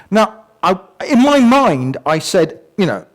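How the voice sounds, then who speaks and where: Lively older man telling funny stories. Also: sits high, vocal fry, slightly rough. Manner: animated storyteller, self-mocking, vocal sound effects. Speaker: guest speaker. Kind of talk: humorous anecdotal talk. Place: museum talk before a live audience.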